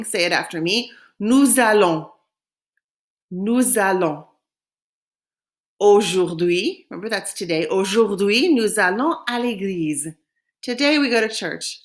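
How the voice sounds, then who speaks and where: Lady teaching a french lesson, says the phrases slow and clear for you to repeat. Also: medium pitch. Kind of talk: recorded language lesson.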